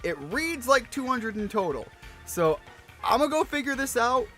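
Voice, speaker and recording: A man streams a video game with let's-play commentary, rambling casually with fillers and self-deprecating asides. His voice is extremely high and sing-song, fairly bright, at a moderate pace, over soft background music.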